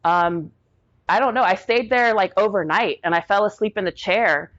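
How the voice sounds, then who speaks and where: A middle-aged woman telling a personal story as a podcast guest, animated, with many "like" fillers and acted-out quotes. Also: mid-range voice, normal speed. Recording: dull lo-fi audio.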